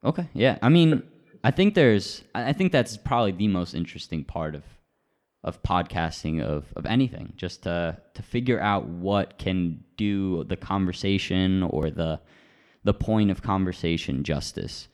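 A man hosting a podcast, asking questions in a casual, halting way. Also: deep voice, animated, darkish tone. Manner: halting, restarts phrases. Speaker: podcast host. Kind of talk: casual interview.

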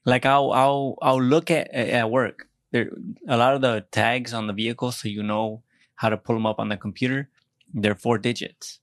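A man's voice: medium pitch, fairly even intonation, normal speed, no echo, studio quality. Rambling, cussing young American man. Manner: rambling, self-deprecating, swears a lot, frequent restarts. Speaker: podcast co-host. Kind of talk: casual podcast chat.

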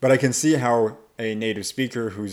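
A man's voice: medium pitch, steady tone, moderate pace, a little mellow. A man working as an English accent coach, explaining and demonstrating pronunciation in a casual podcast conversation.

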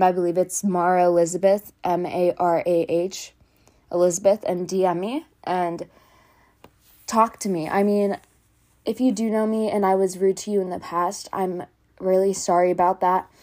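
Mellow-voiced young woman, earnest and rambling. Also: mid-range voice. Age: teens. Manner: earnest, rambling, with frequent fillers. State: out of breath. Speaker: podcast host. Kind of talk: casual personal talk. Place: at home.

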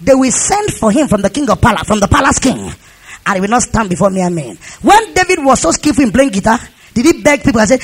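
A man's voice: very high-pitched, very animated, fairly quick, fairly bright tone, breathy edge. A man preaching a sermon, repeating phrases and leading the congregation in call-and-response. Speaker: pastor.

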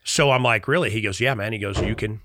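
Man, from Chicago, middle-aged, animated storytelling, bright tone. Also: lowish voice, quick pace, dry recording, clean studio sound. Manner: animated, acts out quoted dialogue. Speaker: guest. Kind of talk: casual storytelling in conversation.

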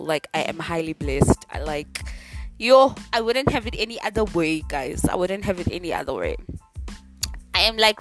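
A young woman hosting her own podcast, chatting in an animated, dramatic way and swearing freely. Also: lowish voice. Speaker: podcast host. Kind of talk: casual chat.

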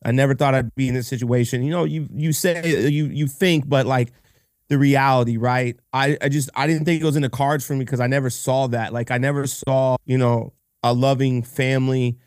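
A man's voice: mid-range voice, steady tone, normal speed, a little mellow, no room sound, studio quality. A man being interviewed on a podcast, speaking candidly and earnestly with frequent restarts, choked up with emotion. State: emotional, near tears. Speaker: podcast guest, entrepreneur. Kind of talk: casual interview chat.

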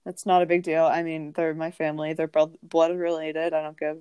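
A woman co-hosting a podcast who tells family stories in a casual, animated way, full of "like", and often acts out the other people's voices. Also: low-pitched, a little fast, background noise. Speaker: podcast co-host. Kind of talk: casual storytelling chat.

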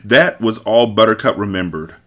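A man hosting a podcast, reading a novel aloud with expressive, theatrical storytelling. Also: on the low side, normal speed. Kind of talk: dramatic read-aloud narration.

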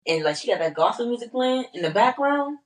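A young woman, co-hosting a casual chat and telling animated, slangy stories. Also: a little high, fairly quick. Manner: animated storytelling, slangy, acts out quotes. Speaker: podcast co-host. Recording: echoey room, voice off-mic.

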